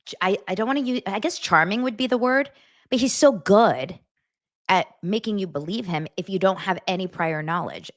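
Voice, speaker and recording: Woman host, middle-aged, chatty gossip delivery with a lively, swinging pitch. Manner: chatty, animated, acts out quotes in exaggerated voices. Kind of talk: casual chat.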